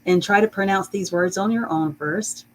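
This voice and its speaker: A woman teaching a live-streamed reading class, greeting viewers and sounding out words slowly and carefully. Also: medium pitch, slight background noise, low-quality recording. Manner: slow, warm and encouraging, greets chat viewers; drawn-out careful pronunciation of words.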